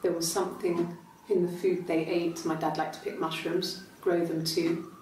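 An actress playing a subdued woman under questioning, answering in a quiet, even, hesitant voice that is low for a woman. The sound is roomy and picked up from a distance, with faint noise in the background. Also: normal speed, close to an everyday voice. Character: woman questioned by police about her parents' death. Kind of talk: recorded police interview footage in a game.

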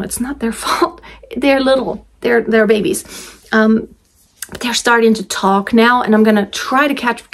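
Chatty woman vlogging to camera. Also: mid-range voice. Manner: chatty and rambling, with frequent restarts and laughs. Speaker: vlogger and mother of twins. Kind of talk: casual talk to camera.

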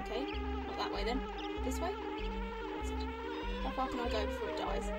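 A woman giving casual commentary on a video game she plays, rambling and excitable, often exclaiming and repeating herself. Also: high voice, moderate pace, loud music behind the voice. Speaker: let's play gamer.

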